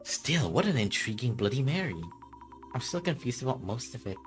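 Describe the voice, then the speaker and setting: Animated streamer reading game dialogue. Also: medium pitch, moderate pace, soft background music. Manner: animated, with shifting character voices.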